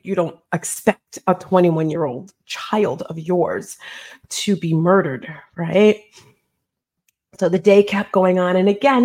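A woman's voice: medium pitch, a little mellow. A middle-aged woman, an interview guest and author, earnestly retelling a personal story in a conversational way and acting out the dialogue.

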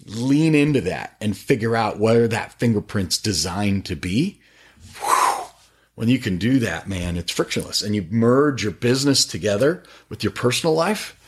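A middle-aged man talking about faith on a podcast with eager, animated, preachy storytelling. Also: on the low side, moderate pace, slightly rough. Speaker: podcast guest, faith-based business owner. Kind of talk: casual podcast conversation.

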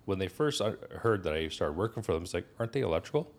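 A man in his thirties with a Newfoundland accent, a podcast guest telling a joke and chatting in a relaxed, storytelling way. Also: low voice, fast. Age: 30s. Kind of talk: casual chat.

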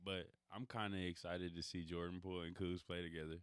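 Low-voiced laid-back slang-talking guy. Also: little pitch movement, fairly quick, clean tone, no room sound, studio quality. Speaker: podcast co-host. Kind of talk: casual sports chat.

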